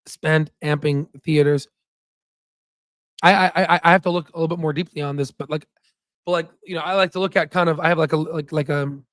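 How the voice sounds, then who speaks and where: A man's voice: a little high, no echo, studio quality. A man hosting a casual stock market livestream, talking in a heated, rambling way and tagging his points with "right?". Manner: heated and ranting, with frequent "right?" tags; rambling with restarts and self-corrections.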